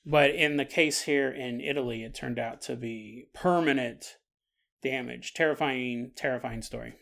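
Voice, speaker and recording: A man's voice: medium pitch, normal speed, creaky, a bit bright. A man in his forties hosting a podcast, telling stories in a rambling, casual way, correcting himself and chuckling as he goes. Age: 40s. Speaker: podcast host.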